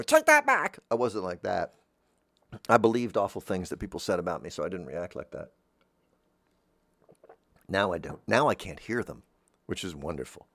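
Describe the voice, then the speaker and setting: A man's voice: sits low, no echo, studio quality. A man hosting a podcast, wandering through a comic monologue that often trails off and restarts, with self-deprecating asides. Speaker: podcast host. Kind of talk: rambling comedic monologue.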